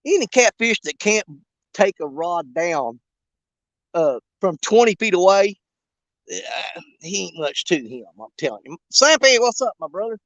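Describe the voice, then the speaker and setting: On a riverbank fishing livestream, a man whose voice sits high chats in an unhurried, sing-song way. The vlogger jokes and rambles in folksy fashion, and there's no echo.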